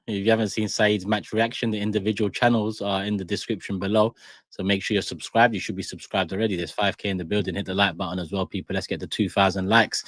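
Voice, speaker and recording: A low-voiced man hosts a casual football panel, talking in easygoing slang. His voice sits close and dry. He keeps the chat moving and hypes the episode. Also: no echo. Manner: laid-back, slangy, hype-building. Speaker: podcast host.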